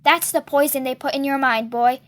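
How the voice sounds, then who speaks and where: Cold scary killer dad, read by a woman, pushy and insistent, kinda high voice. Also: steady tone, normal speed, lightly acted. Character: menacing hulking father, cold killer.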